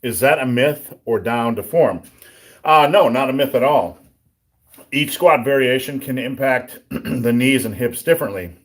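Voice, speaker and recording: A man hosting a live Q&A on strength training, blunt and joking, talking through a sore throat and clearing it often. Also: mid-range voice. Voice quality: throat-clearing, a bit rough. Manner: blunt, joking, plainspoken coaching. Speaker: livestream host answering viewer questions.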